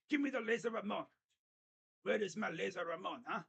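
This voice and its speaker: A man voicing a gruff, jokey mock-Italian man who demands to know where his player is, with a pushy "huh?" at the end of his questions. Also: sits high, very animated, moderate pace, heavily acted. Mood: mock indignant.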